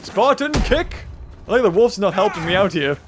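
Excitable gamer, lively voice. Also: male voice, sits high, normal speed, background noise. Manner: laughs often, cheers at the screen. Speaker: gaming video host. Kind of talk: excitable let's-play commentary. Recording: commentary over game music.

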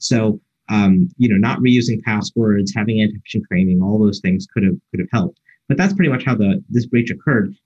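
A man speaks in a low register with a slightly husky voice, giving a keynote talk. He explains things step by step and often restarts his phrases with fillers. The audio sounds dull and lo-fi. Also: a little mellow.

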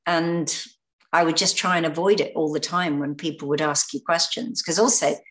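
An English actress recalling stories in an interview, hesitant, often repeating words and laughing. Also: female voice, low voice, steady tone, moderate pace, a bit bright. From Britain. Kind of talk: anecdotal interview talk.

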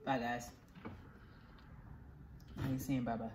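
A woman vlogging a meal with her kids on a phone camera, chatting with her mouth full and gently scolding the children. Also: low voice, moderate pace. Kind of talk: casual chat while eating. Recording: echoey room, faint noise.

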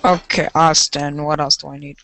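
Young man, live streamer, giggly rambling chat, bright tone. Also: fairly high pitch, little pitch movement, moderate pace, slight background noise. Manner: giggly, rambling, filler-heavy.

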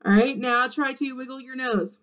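A woman kindergarten teacher reading an interactive movement book aloud to young children, animated and encouraging in a sing-song voice. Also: sits high, moderate pace.

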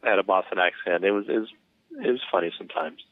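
A man co-hosting a podcast in casual chat, calm and matter-of-fact with light amusement. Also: deep voice, fast, no room sound, phone-quality sound. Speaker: podcast co-host.

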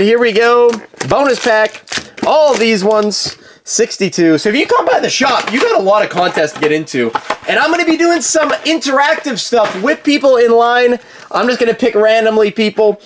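A man's voice: sits high, a little hiss or hum. A man hosting a live card-break stream, chatting casually with viewers, with lots of fillers, and calling out cards as he opens packs. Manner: chatty, filler-heavy, calls out cards while talking to viewers.

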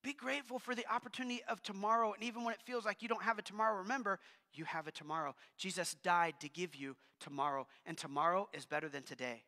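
A male pastor preaching a sermon in a casual, animated way, with asides to the congregation. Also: high-pitched, fast. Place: church hall. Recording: long hall reverb.

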